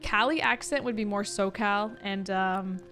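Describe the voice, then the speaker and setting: A woman with a Californian Valley Girl accent, chatting casually with her viewers while playing a game. She says "like" a lot, with upward inflection and a touch of vocal fry. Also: mid-range voice, measured pace, over music. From California, USA. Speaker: gaming streamer. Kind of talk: casual let's-play chat with viewers.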